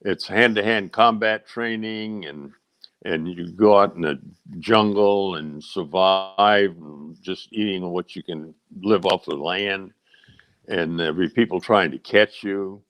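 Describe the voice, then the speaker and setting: An older man from the American South, a retired naval officer telling stories in a casual interview, rambling and halting with many fillers. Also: deep voice, fairly bright tone. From Charleston, South Carolina. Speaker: guest, retired rear admiral.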